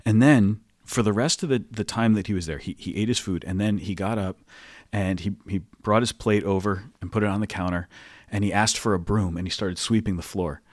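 A man's voice: fairly low pitch, fairly quick, no echo, studio quality. A man, a priest hosting a podcast, telling casual anecdotes with lots of laughter. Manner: animated anecdotes, frequent laughter. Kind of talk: casual storytelling.

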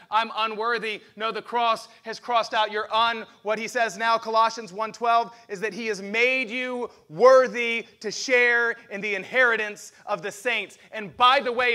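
A man preaching a lively sermon as pastor, asking the congregation questions. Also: high-pitched.

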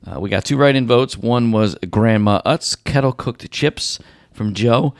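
A man's voice: medium pitch, a little slow, no room sound, clean studio sound. A man hosting a casual podcast chat, reading out poll results and teasing his co-hosts. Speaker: podcast host.

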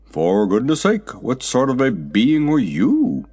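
A man voicing a boastful old male cab horse in a storybook, slow, loud and pompous. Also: medium pitch, wildly swooping pitch, husky, heavily acted. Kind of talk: storybook character voice.

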